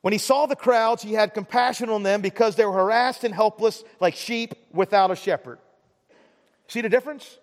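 A man's voice: high-pitched, moderate pace, big-room sound. A man preaching a sermon in a conversational way, often restarting words and pressing harder on the key points. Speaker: pastor.

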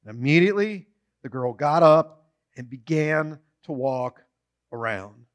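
A man preaching a sermon, retelling a story with animated storytelling and short acted-out quotes. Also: on the high side, measured pace.

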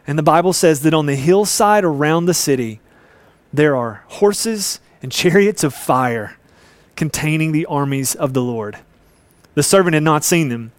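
A man's voice: fairly high pitch, no room sound. A man preaching a sermon, earnest and storytelling, acting out voices in a Bible story. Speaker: pastor.

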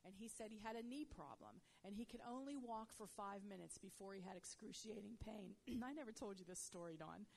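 A woman of mid pitch telling a lively faith testimony to a host. She talks conversationally, sprinkling in "you know", and her voice climbs loud and high when the story excites her. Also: brisk, vocal fry, few pauses, a little hiss or hum.

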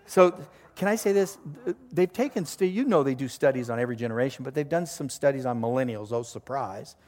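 A man's voice: mid-range voice, animated, fairly quick, a little mellow, big-room sound. An older man preaching a sermon as a pastor, in a conversational, joking storytelling manner before a live congregation.

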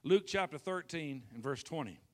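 A man preaching a lively sermon, calling out to the congregation and acting out scripture scenes. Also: a little high, moderate pace. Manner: animated, calls for responses, acts out scenes.

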